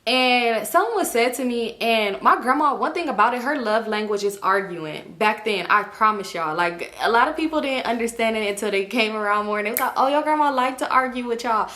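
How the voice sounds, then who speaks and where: A woman telling a story on her vlog in a casual, animated way, swearing freely and laughing often. Her voice is bright and forceful and sits a little high. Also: brisk, hardly any pauses. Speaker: vlogger.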